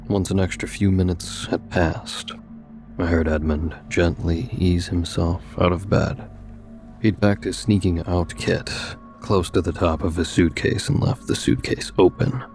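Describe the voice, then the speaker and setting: Very deep-voiced male storyteller. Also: soft background music. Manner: measured, steady storytelling. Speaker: narrator. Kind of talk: scripted story narration.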